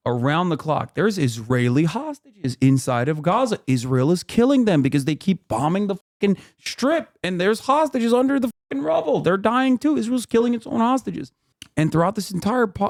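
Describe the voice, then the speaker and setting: A man's voice: high-pitched, lively intonation, normal speed, vocal fry. A man in his thirties hosting a livestream, explaining at length in a heated, profane way, full of fillers and restarts. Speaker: streamer host.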